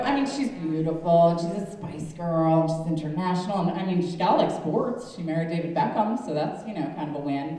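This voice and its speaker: A woman in her thirties doing a stand-up comedy set, sarcastic and animated with mock-indignant asides, on a comedy club stage. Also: fairly low pitch. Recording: echoey club, distant mic, audience laughter.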